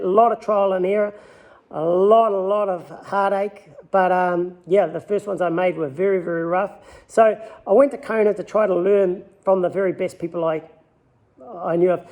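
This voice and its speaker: A man with a New Zealand accent speaks in a fairly high voice. He tells his story of learning his craft in an easygoing, rambling interview style, circling back and restarting as he goes. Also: a little mellow. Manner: easygoing, rambling anecdotal telling. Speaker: lure maker.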